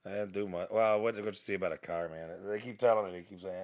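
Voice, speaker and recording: A man with a raspy, slightly twangy voice and a fairly low pitch rambles through a casual solo rant. He swears freely and pokes fun at himself. It sounds like he is talking into a phone, and the sound is a little dull and muffled. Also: steady tone, fast talker, few pauses. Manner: rambling, profane, self-mocking. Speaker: podcast host.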